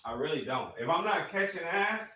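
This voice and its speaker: A young man streaming live, telling a story to his chat in an animated, slangy, profane way and reading the chat aloud. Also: on the high side, moderate pace, husky.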